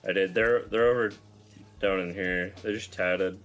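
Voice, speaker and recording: A man with a very low voice talking over game voice chat as a teammate. He stays laid-back, with dry jokes and tactical callouts, and faint music plays behind. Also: fairly even intonation, a little slow, fairly bright tone. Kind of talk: casual gaming voice chat.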